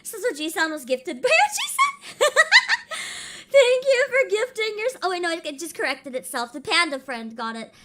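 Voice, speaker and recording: A woman streamer chatting casually on a livestream, bubbly and sing-song as she reads out names, her voice rough because she is sick. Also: extremely high pitch, big pitch swings, normal speed, a bit bright. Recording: faint background music.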